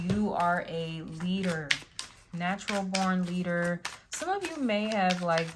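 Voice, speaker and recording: A woman's voice: lowish voice, background noise. A woman giving a casual spiritual tarot reading, rambling with many fillers and restarts. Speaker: tarot reader.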